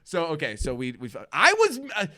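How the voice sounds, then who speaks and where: Profane rambling talk show host. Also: male voice, on the high side, huge pitch swings, normal speed, crowd noise. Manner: profane, rambling, self-mocking. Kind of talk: casual live show storytelling.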